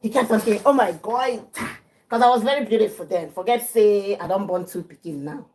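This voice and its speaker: A woman with a Nigerian accent, chatting as a livestream host in her home kitchen, telling a story with lively acted-out quotes. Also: mid-range voice, a little fast, low-quality recording. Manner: lively, acts out quotes, mixes in pidgin.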